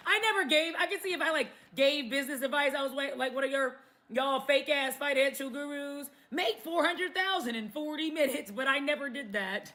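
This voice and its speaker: High-pitched woman venting defiantly. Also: moderate pace. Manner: defiant, laughing, sharp-tongued. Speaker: content creator in clip. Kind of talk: casual venting monologue.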